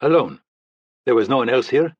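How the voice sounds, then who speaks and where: A man voicing a calm, polite male police officer with an African accent, asking measured questions. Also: medium pitch, husky, no echo, dull audio, voice pushed up. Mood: polite, probing.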